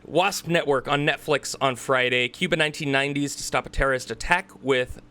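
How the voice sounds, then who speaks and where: A man hosting a podcast, reading through upcoming releases in a casual chat with quick asides. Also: mid-range voice, pushed and bright. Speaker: podcast host.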